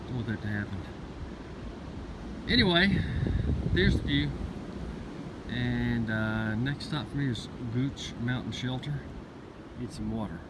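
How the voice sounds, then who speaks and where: A man's voice: mid-range voice, animated, unhurried, long pauses. A man with a Southern accent talking to his handheld camera on a wooded mountaintop, in a rambling, folksy video diary. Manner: rambling, folksy, chatty with fillers. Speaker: thru-hiker vlogger. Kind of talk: casual video diary on the trail. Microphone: handheld camera mic. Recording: noisy outdoor camera audio.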